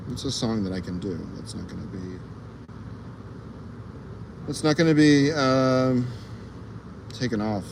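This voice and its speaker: Slow, rambling, foul-mouthed guy. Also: medium pitch, creaky, background noise. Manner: rambling, profane, laughs a lot, trails off in fillers. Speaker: streamer. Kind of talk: casual livestream chat. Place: outdoors on a fire escape.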